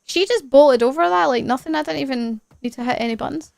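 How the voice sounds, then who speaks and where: A woman's voice: high voice, quick pace, creaky, a little hiss or hum. A woman streaming a game live, chatting to herself as she plays and laughing often.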